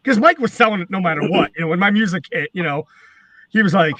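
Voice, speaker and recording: A man's voice: sits high, fast talker, a bit bright, no room sound. A man, a former wrestling manager, telling rambling, profane stories in casual chat. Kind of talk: casual storytelling.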